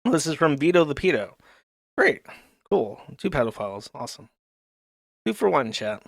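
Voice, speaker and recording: A man's voice: on the high side, very animated, moderate pace, creaky, no room sound, clean studio sound. A man hosting a casual online commentary show, reading posts aloud and mocking them with sarcastic, profane asides. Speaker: streamer host.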